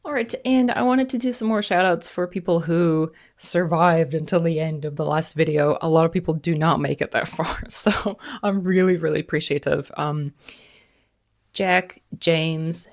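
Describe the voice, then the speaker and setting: American woman, about forty, casual vlog host; low, gravelly voice, playful and self-mocking. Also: no echo, studio quality. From United States. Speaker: vlogger host. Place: outdoors by the sea.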